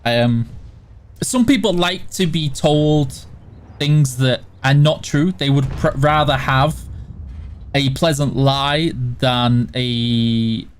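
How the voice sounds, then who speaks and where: A man with a mild Yorkshire accent, from the border of West and South Yorkshire in England, hosts a live stream and reads out chat, answering in a casual, matter-of-fact way. His voice is mid-range and slow, with a little hiss or hum in the recording.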